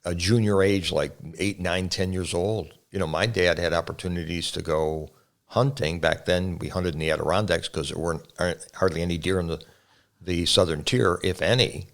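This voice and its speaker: An older man with a very deep voice and a gravelly edge talks in an earnest, unhurried way. He reminisces about his childhood and fatherhood in a casual chat with his son. His voice is rough with fry at the bottom of his range. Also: fairly even intonation, a bit bright. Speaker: pastor and guest. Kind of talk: casual family conversation.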